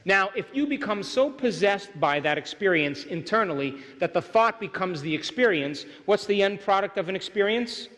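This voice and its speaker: A man's voice: sits high, expressive, moderate pace, hardly any pauses, fairly bright tone. A middle-aged man lecturing a live audience, emphatic and often asking them to agree. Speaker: workshop speaker. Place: large hall with audience. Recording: hall reverb, live venue.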